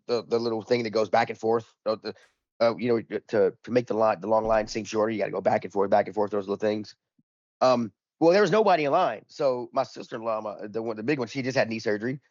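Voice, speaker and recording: A man's voice: lowish voice, dry recording. A man on a podcast telling a rambling, profane story, full of restarts, acting out both sides of the argument. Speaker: podcast co-host. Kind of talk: casual storytelling chat. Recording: dull lo-fi dry recording.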